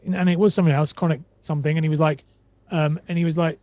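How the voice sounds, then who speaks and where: Fast-talking, higher-voiced man chatting. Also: fairly even intonation, darkish tone, dry recording. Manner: rambling, retells quotes, many restarts. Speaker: podcast guest. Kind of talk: casual conversation.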